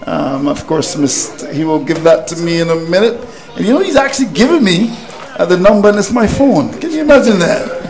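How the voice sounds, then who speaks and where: A man's voice: high voice, very animated, brisk, darkish tone, faint music behind, low-quality recording. A man commentating cricket on radio, exasperated at his team's collapse and repeating phrases for emphasis.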